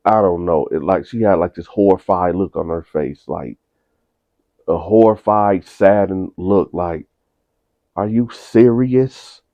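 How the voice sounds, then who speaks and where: Man, casual storyteller, lowish voice, talks straight to viewers, tinny phone-like sound. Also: takes it slowly, pauses often, no echo. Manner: conversational, addresses listeners directly, restarts often. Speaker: storyteller host. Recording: dry tinny phone-like audio.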